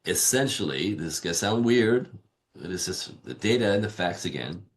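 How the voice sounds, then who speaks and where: A man with a low voice and normal speed appears on a podcast as a relationship coach. Animated and emphatic, he constantly checks in with "right?" and plays out how his clients sound.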